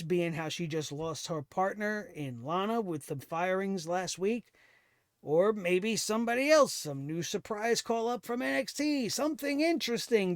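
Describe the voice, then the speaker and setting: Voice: medium pitch, no echo, studio quality. A wrestling show reviewer ranting in a sarcastic, profane way about the latest episode. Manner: profane, sarcastic, heated rant.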